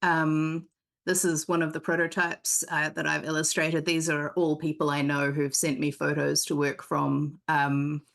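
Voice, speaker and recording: Low, gravelly-voiced woman game designer. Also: flat delivery, measured pace. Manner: candid, rambling storyteller with many restarts. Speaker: board game designer, guest. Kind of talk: casual interview chat. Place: live convention stream set.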